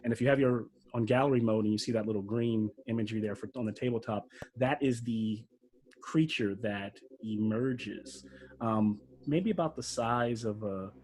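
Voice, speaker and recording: Man, game master, lowish voice, halting narration, video call, faint background noise. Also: a little mellow. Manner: halting, many fillers and restarts.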